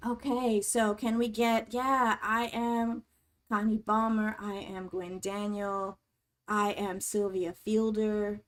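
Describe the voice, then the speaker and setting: A woman's voice: medium pitch, little pitch movement, takes it slowly. A woman hosting a casual livestream chat, reading viewers' comments aloud and speaking to them in a supportive, encouraging way. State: tearing up. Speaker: livestream host.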